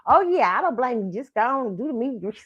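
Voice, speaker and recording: A woman's voice: big pitch swings, fast talker, slightly rough, muffled recording. Woman putting on a squealing teasing grandma. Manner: high, squealing, amused. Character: chatty teasing elderly grandmother.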